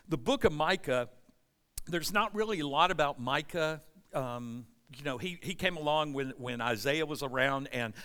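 A man's voice: fairly high pitch, pushed and bright. A male pastor, preaching a conversational sermon. He tells stories and keeps asking the congregation questions. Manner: storytelling, asks the congregation questions. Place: church sanctuary. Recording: long hall reverb.

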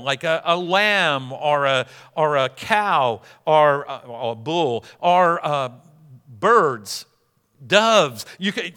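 A man preaching a sermon as pastor, dramatic, swinging between loud and hushed. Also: sits high. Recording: long hall reverb.

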